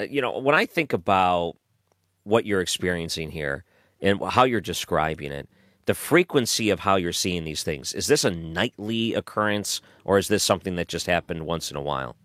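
A male host with a very deep voice asks his guest careful questions and pauses now and then with fillers. The sound is dry and close to the mic. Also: animated, a bit bright, dry recording. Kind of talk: interview questions.

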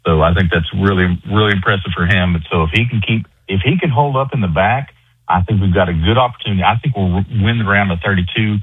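A man's voice: deep voice, quick pace, breathy edge, no room sound. A man calling in to a radio talk show, talking casually and repeating words as he goes. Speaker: radio caller. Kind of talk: casual call-in chat. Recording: tinny phone line.

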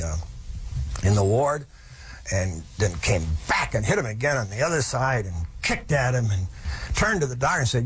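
A man's voice: mid-range voice, very animated, normal speed, fairly bright tone, husky. A man telling a historical story in a folksy, vivid lecturing manner, with asides to his listeners.

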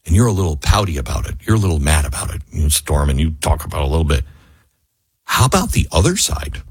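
A man's voice: a bass voice, very animated, quick pace, a little mellow, breathy edge, no echo. A man hosting a talk radio show, delivering an opinionated monologue and live ad reads, often mocking people with put-on quotes.

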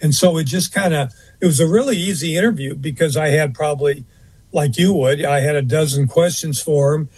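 A husky man tells a long story as an interview guest, rambling a little and filling pauses with uh and um. His voice sits a touch high for a man. The sound is close and dry. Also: darkish tone, no room sound. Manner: rambling, fills pauses with uh and um, restarts. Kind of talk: anecdotal storytelling in conversation.

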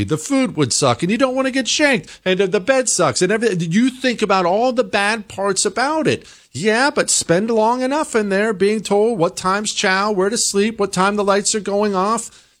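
An American man hosting a talk show, delivering an emphatic opinion monologue that climbs into high-pitched exasperation. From United States. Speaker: political talk show host.

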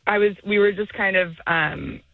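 A woman's voice: mid-range voice, fairly even intonation, normal speed, no echo. A middle-aged woman guest in a casual phone interview, rambling and laughing with many fillers. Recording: tinny phone line.

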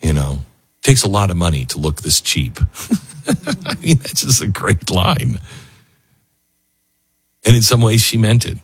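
A man's voice: lowish voice, sing-song, unhurried, pauses often, slightly rough, no room sound. A man hosting a talk show, speaking in a loose, emotional way with lots of fillers and restarts. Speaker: radio host. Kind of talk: casual on-air talk.

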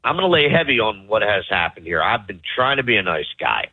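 A man's voice: fairly low pitch, sing-song, fairly quick, slightly rough. A man on vacation at a resort, ranting angrily and profanely about it to his podcast co-hosts. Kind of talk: angry ranting review. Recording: tinny phone-like call audio.

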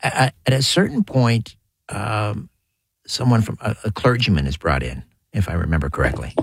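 A man's voice: fairly low pitch, very animated, normal speed, gravelly, fairly bright tone, slightly rough, no room sound. A man hosting a casual interview, giving short reactions and asking curious follow-up questions. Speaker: podcast host.

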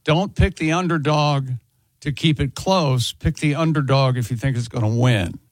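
A man's voice: a little high, moderate pace, no echo. A man hosting a morning radio show in a studio, introducing the crew and teasing in a playful, mock-wounded way. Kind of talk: casual radio banter. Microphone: studio microphone.

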